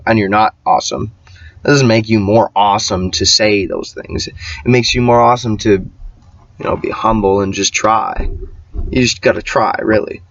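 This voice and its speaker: Ranting profanely and with emphasis, a male vlogger rambles through a casual monologue, often starting over and imitating how others talk. He has a mid-range voice with lively intonation and a measured pace. The sound is dull, lo-fi, and dry, with no room sound.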